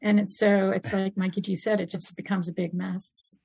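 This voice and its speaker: A woman with a husky, gravelly voice talking through a review on a podcast, thoughtful and analytical. Her sound is dry and close to the mic. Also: mid-range voice, little pitch movement, normal speed, dark tone, dry recording, poor audio. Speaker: podcast co-host. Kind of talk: casual review chat.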